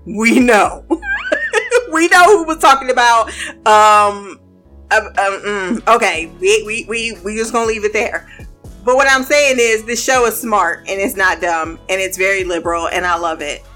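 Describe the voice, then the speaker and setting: A woman reviewing a TV episode in casual reaction commentary, animated and laughing often between playful asides. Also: mid-range voice, unhurried, soft background music.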